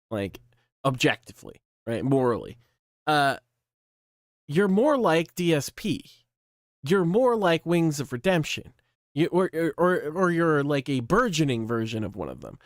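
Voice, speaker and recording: A man with a high voice delivers a blunt, scolding rant full of swearing. The sound is dry and close, with no room around it. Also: no echo. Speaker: channel host. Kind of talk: profane ranting commentary.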